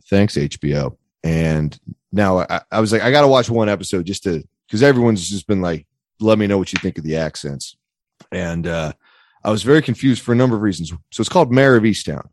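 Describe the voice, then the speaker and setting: A man's voice: sits low, a little mellow, no room sound, studio quality. A man in casual podcast chat, rambling and joking with lots of restarts. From Pennsylvania area. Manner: rambling, jokey, restarts and stumbles. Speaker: podcast co-host.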